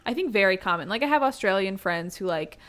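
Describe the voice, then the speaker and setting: A woman comedian in casual podcast chat, talking in a lively, chatty way full of "like.". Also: medium pitch, quick pace.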